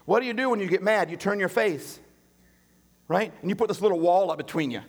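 A man preaching a sermon, telling a personal story, animated and shifting between hushed quoted voices and raised pleading. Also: high voice, brisk. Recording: long hall reverb.

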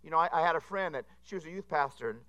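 Bright-voiced pastor telling jokes. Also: male voice, on the high side, expressive, very fast. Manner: rambling, self-deprecating joke-telling. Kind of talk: humorous sermon.

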